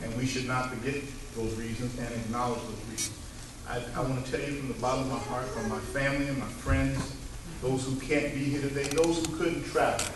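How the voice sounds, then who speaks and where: A man's voice: medium pitch, fairly even intonation, a little fast, noisy background. A man speaking at his father's funeral, telling stories with emotion and calling out to the congregation. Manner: emotional, storytelling, calls out "Amen". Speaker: son giving a eulogy. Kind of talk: heartfelt funeral speech. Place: church service. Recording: echoey room, mic from far off.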